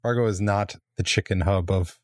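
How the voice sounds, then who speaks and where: A man's voice: deep voice, normal speed, darkish tone, no echo, studio quality. A man chatting casually, mostly reacting and laughing along. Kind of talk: casual chat.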